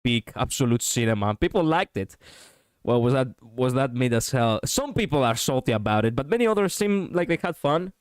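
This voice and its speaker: A man's voice: mid-range voice, lively intonation, a little fast, smooth, no room sound, studio quality. A man streaming, reacting to a show in loose, joking, rambling chat.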